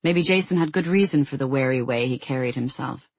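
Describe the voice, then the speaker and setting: A husky audiobook narrator reading fiction in a measured, even pace. The voice sits in a middle register and is recorded dry and close, with no room sound. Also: medium pitch, no echo. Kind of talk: scripted narration.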